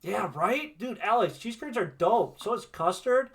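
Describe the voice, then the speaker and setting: A man's voice: sits high, animated, measured pace, vocal fry, fairly bright tone. Chatty man reading tarot. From Wisconsin, USA. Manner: chatty, reassuring, peppers speech with "right?". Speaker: tarot reader and livestream host. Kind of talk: casual livestream chat.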